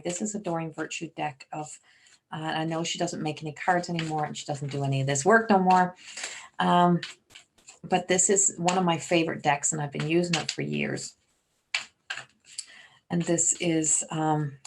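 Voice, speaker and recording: Over a little hiss or hum, a Newfoundland woman with a lowish voice does a psychic reading on a live stream. As a medium she passes along messages in a rambling way, trailing off and restarting.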